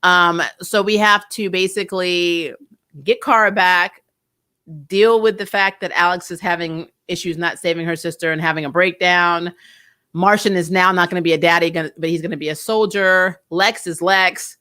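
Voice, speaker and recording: A woman chatting through a TV episode review in a loose, animated way. She drops sarcastic asides and laughs often as she talks. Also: on the low side, normal speed, smooth. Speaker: TV show reviewer, channel host. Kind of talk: casual spoiler review chat.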